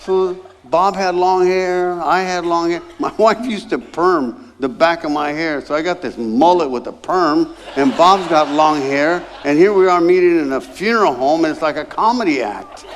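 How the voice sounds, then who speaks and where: An older man preaching as a guest pastor, with a fairly high voice for a man. He tells a long personal story and lively acts out the other people's lines as he goes. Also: moderate pace, few pauses. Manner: animated, acts out voices in his anecdotes. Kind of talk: storytelling sermon.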